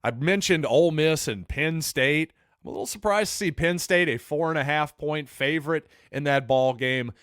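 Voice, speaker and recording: A man's voice: a little high, normal speed, hardly any pauses, a bit bright, dry recording, clean studio sound. A man hosting a solo sports podcast, talking in an opinionated, conversational and wry way.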